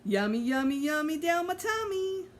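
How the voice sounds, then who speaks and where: Lady putting on a squeaky little girl, five, bossy and sing-song, jumps way up high. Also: very animated, measured pace, a bit bright, a little hiss or hum. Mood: giddy.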